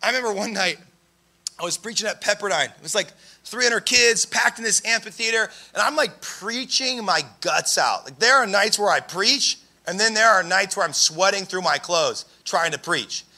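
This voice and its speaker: A young man preaching a sermon, telling stories in an animated way and raising his voice for emphasis. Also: sits high, moderate pace. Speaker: pastor.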